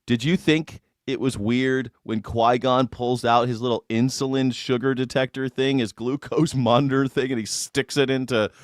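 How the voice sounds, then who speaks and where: A man's voice: mid-range voice, level tone, normal speed, hardly any pauses, no room sound, clean studio sound. A man riffing casually as a streamer, rambling, joking and swearing while reacting to clips. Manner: rambling, joking, swearing, breaks into put-on voices.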